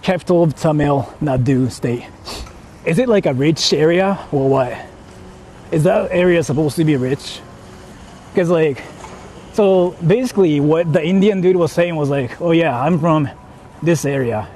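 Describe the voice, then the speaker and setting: A man's voice: a little high, moderate pace, mellow, a little hiss or hum. A man streaming live while walking outdoors, chatting casually and rambling between laughs as he reads out viewer donations.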